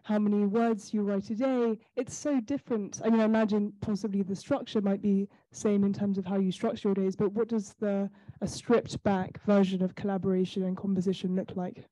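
A woman's voice: mid-range voice, little pitch movement, brisk, few pauses, warm tone, no echo, rough recording. A woman hosting a panel, asking the guests questions with eager curiosity. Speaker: event host. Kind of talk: moderating a panel.

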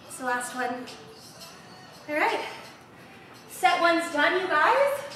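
Coaching a live workout, a young woman speaks in a very high, very animated voice at a slow pace, her tone sharp and soft music playing behind. She's a fitness instructor cheering through the reps while out of breath, upbeat, on a large, empty home gym floor. Echo fills the room and the mic is far away.

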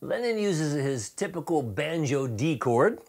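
A man gives a rock guitar lesson, playing along as he talks in a relaxed, conversational way full of fillers and restarts. His voice is on the high side and he takes his time.

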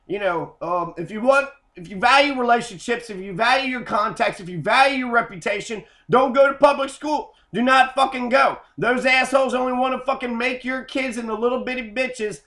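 A man's voice: very high voice, pushed and bright. A man in an angry, profane rant, cursing and repeating himself. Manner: heated, cursing, repetitive. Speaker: host.

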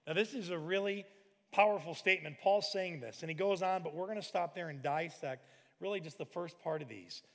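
A man in his forties preaching a sermon in an animated way, acting out scenes with sudden shouted lines. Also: high voice, a little fast. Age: 40s. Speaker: pastor. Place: large church sanctuary. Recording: long hall reverb.

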